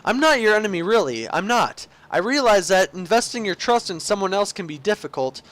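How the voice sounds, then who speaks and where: A man's voice: high-pitched, sing-song, brisk, a bit bright, dry recording. A young man playing a game and reading its narration aloud himself, goofy and rambling, with slips and restarts. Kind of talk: let's play commentary, reading the game's narration aloud.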